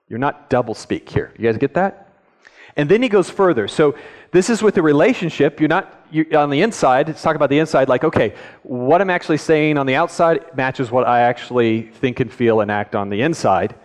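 A male pastor giving a conversational sermon, often checking in with the audience with questions. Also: on the high side. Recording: echoey hall.

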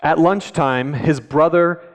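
A man's voice: on the high side, takes it slowly. Man preaching in an echoey hall. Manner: conversational, asks the audience questions. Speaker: pastor. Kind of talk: sermon.

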